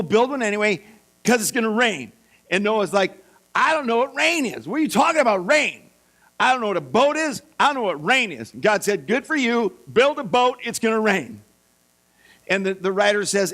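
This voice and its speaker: A man preaching a sermon, telling Bible stories in a lively way and acting out the voices of the figures. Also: high-pitched. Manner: lively storytelling, acts out voices for biblical figures. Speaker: pastor.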